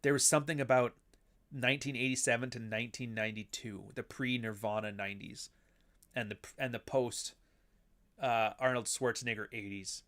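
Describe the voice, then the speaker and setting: A man's voice: mid-range voice, fairly even intonation, normal speed, fairly bright tone. A man hosting a casual livestream, rambling between topics and reading the chat aloud. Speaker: livestream host.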